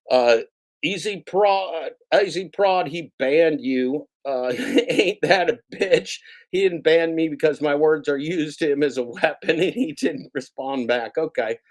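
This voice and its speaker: A man's voice: mid-range voice, a little mellow. A man hosting a casual livestream, rambling and repeating himself as he teases viewers and reads the chat. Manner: rambling, repetitive, teasing. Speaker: livestream host.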